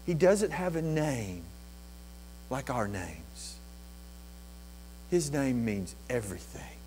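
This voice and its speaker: A man preaching a sermon as pastor, building to impassioned, rising passages and then dropping to quiet, slow reflection. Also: sing-song, a little hiss or hum, rough recording. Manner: impassioned preaching with swells of volume and pitch.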